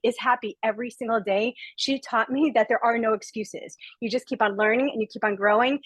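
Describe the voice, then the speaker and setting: A woman in her forties from Rhode Island speaks over a video call, her voice sitting a touch high and close and dry with no room around it. She gushes with emphatic, heartfelt earnestness and sounds emotional and close to tears as she shares her testimonial. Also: no room sound, poor audio. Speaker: guest speaker sharing a testimonial.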